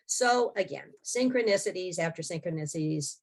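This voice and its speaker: A woman's voice: on the low side, expressive, normal speed. A woman in her sixties, a podcast guest telling her own story in a wry, blunt way with frequent laughs. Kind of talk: candid personal storytelling.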